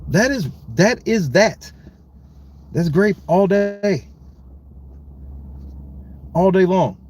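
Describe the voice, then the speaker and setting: A man hosting a podcast, talking bluntly and profanely in casual commentary and slowing down to stress his points. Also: sits high, expressive, a little mellow, husky. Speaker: podcast host.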